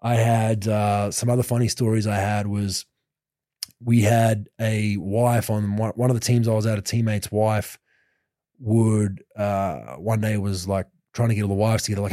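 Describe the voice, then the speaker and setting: A man in his thirties, a podcast host who played pro basketball, telling lively anecdotes with many restarts and laughs. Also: lowish voice, normal speed, dry recording, clean studio sound. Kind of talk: casual storytelling chat.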